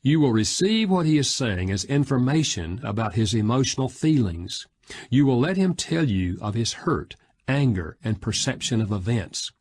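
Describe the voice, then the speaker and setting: Husky man reading an audiobook. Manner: measured, expressive reading with lively pitch. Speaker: audiobook narrator. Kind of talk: scripted audiobook narration.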